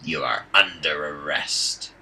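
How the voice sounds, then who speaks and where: A man voicing a fat, pompous male hobgoblin captain who speaks slowly with a thick accent. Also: extremely low pitch, pushed and bright, slightly rough, pitched below the performer's own voice, full character voice, poor audio. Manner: slow, pompous, commanding.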